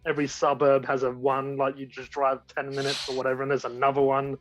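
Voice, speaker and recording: A man's voice: medium pitch, monotone, quick pace, soft background music. A man as a guest in a casual chat, talking enthusiastically and rambling with frequent restarts. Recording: dull lo-fi audio.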